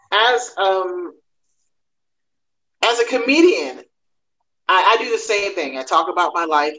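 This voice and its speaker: A woman comedian talking through a panel discussion, telling her story in quick animated bursts. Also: lowish voice, poor audio.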